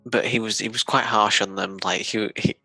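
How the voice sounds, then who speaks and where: A man's voice: lowish voice, steady tone, normal speed, gravelly, pushed and bright, faint music behind, low-quality recording. A man co-hosting a casual tabletop gaming chat, telling stories animatedly and laughing often. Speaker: podcast co-host.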